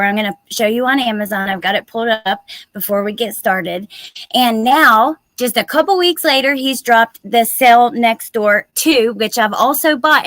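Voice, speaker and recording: A woman hosting a casual livestream with a slightly high voice, chatty and upbeat as she greets viewers by name. The sound is dry and close, with no room echo. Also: a bit bright. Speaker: true-crime YouTube livestream host.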